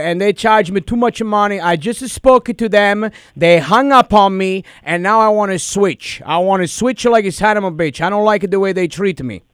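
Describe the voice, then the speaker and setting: A man's voice: high-pitched, fairly bright tone, clean tone, no room sound, clean studio sound. A man doing a prank call in a put-on heavy Italian accent, rambling in broken English and mixing up his words.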